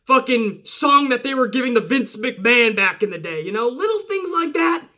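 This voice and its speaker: A man reviewing a wrestling show in a casual, excitable recap, often acting out what the people on it said. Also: very high voice, moderate pace. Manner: excitable, acts out quotes from the show.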